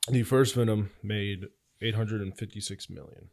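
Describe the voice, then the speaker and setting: A young man co-hosting a podcast in casual chat, earnest and agreeable, who often answers with a quick yeah. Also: on the low side, fairly even intonation, a little mellow. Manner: agreeable, frequent yeahs, earnest. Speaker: podcast co-host.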